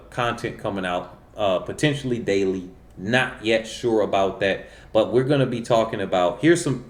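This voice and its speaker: Rambling, animated man in a roomy space. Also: fairly low pitch. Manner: animated, rambling, with many fillers and self-corrections. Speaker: channel host. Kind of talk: casual monologue commentary. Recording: roomy echo.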